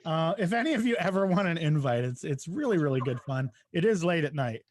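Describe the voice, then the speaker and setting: A man's voice: a little high, animated, a little fast, a little mellow. A man hosting a casual weekly group video call, rambling through stories with fillers and restarts. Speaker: host.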